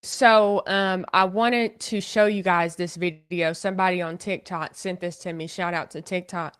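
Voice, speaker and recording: A woman with a thick Oklahoma accent speaking in a low register. She talks bluntly and dismissively, like an online commentator addressing her viewers. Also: steady tone, moderate pace, a bit bright, smooth. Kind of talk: commentary video.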